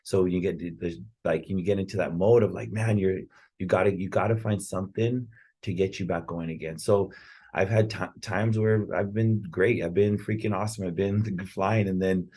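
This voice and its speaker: This man's voice sits low and dark with a breathy edge, at normal speed and fairly even intonation. He's a podcast speaker on real estate and personal growth, giving a casual, earnest motivational talk that rambles and keeps checking in with "right?"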